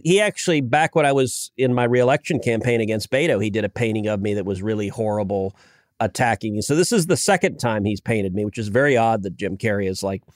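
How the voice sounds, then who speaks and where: A man's voice: lowish voice, dry recording, clean studio sound. A man in his forties from the United States, a senator chatting as a podcast guest, telling stories with frequent restarts and stammers. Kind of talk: casual political podcast chat.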